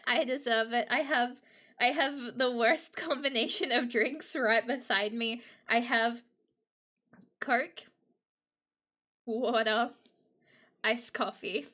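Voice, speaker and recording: A woman's voice: a little high, slow, pauses often, sharp tone. A young woman chatting casually to her live-stream audience, giggly and emotional. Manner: giggly, emotional, talks to chat.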